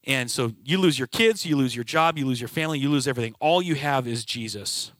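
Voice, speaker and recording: A man's voice: medium pitch, fast talker, fairly bright tone, dry recording. A middle-aged man sharing a personal testimony about his work life, reflective and earnest, telling it as a story. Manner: storytelling, quoting others in conversation. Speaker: team leader at a brokerage.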